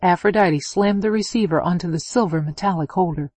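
Steady woman audiobook narrator, dry sound. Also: fairly low pitch, fairly quick, dry recording. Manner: steady, expressive reading. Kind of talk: scripted narration of an adult romance novel.

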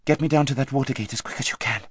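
A man's voice: medium pitch, racing, breathy edge, dry recording, pitched above the performer's own voice, close to an everyday voice. A man voicing a determined young noble girl on the run, urgent and commanding, while reading an audiobook. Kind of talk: audiobook narration. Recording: dry close studio sound.

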